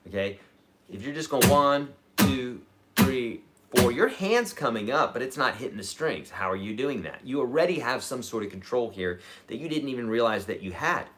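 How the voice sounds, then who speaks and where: A man's voice: medium pitch, heavy background noise. A man teaching a live-streamed guitar lesson, counting beats aloud and encouraging his viewers. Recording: guitar playing loudly behind the voice.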